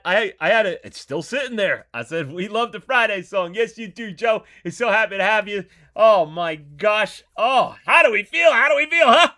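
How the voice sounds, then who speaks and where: A man hosting a casual livestream, chatty and excitable, greeting viewers by name. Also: high-pitched. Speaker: show host.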